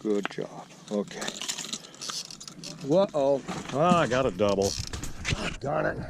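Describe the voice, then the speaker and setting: An older man talks slowly and playfully to a fish he has just landed, with whoops and a lively rise and fall in his voice. He is out on a small boat, picked up by a boat-mounted camera. Steady outdoor noise runs under everything. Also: medium pitch, gravelly. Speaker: angler vlogger. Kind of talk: casual fishing vlog commentary. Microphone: boat-mounted camera mic.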